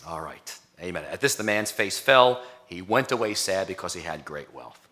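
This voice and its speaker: A male pastor delivers a sermon in a bright, forceful voice. He talks in a casual, conversational way and then presses harder as his points build. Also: deep voice, animated, normal speed. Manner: conversational preaching, rising to emphatic. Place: church sanctuary.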